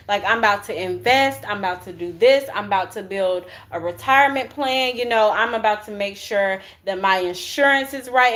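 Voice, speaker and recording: A woman's voice: mid-range voice, a bit bright. A woman giving a casual spiritual tarot reading, chatty and slangy, often checking in with "right?" and throwing in curse words. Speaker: tarot reader.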